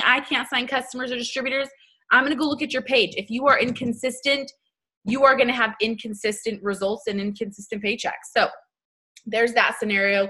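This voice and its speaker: A woman gives a motivational talk to her sales team in a bright, forceful voice. She is blunt and chatty, full of slang, and keeps acting out little scenes in quoted voices. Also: fairly high pitch. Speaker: network marketing team leader.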